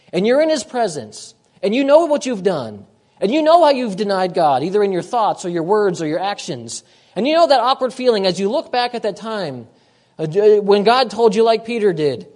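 A man preaching a sermon, emphatic, repeating his key phrases and moving between loud and hushed delivery. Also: high voice.

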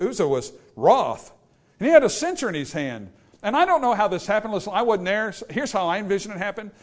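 A man preaching a sermon, swinging from hushed asides to loud peaks and acting out the people in his story. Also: high-pitched. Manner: acts out quoted people in character voices. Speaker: pastor.

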